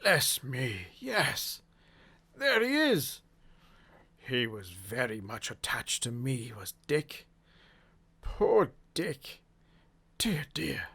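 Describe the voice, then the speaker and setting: A man voicing an old male miser who exclaims with a high, cracking voice in a storybook reading. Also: huge pitch swings, extremely slow, gravelly, long pauses, bright, forceful tone, husky, heavily acted. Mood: delighted. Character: old male miser, wistful and easily stirred.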